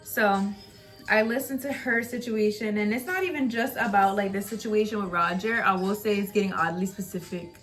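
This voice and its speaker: A woman's voice: medium pitch, normal speed, a bit bright, soft background music. A young woman casually chatting to camera in a vlog, candid and rambling, swearing freely and often laughing. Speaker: vlogger. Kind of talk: casual storytime chat.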